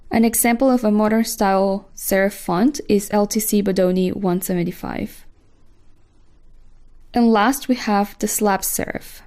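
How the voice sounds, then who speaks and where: A woman reads a design lesson in a measured, even way. Her voice is mellow and dark, with some fry at the ends of her phrases. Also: medium pitch. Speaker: course instructor. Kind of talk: scripted instructional narration.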